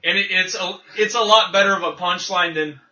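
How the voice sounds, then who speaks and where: A man with a high, very bright voice, joking through a casual chat and often laughing. He is recorded in an echoey room. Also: fairly quick, muffled recording. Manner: laughs a lot, acts out silly voices. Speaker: podcast co-host.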